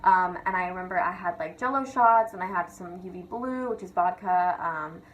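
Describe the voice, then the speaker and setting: A young woman vlogger with a fairly low, slightly bright voice talks at normal speed about her school years; the recording has the highs cut off and a little hiss or hum. Her casual storytelling rant is giggly and profane, stuffed with constant "like" fillers.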